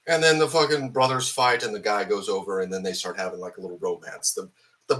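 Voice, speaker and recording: A man's voice: lowish voice, steady tone, quick pace, pushed and bright. A hung-over man ranting about a film in a profane, angry, rambling way, full of fillers. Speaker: film reviewer.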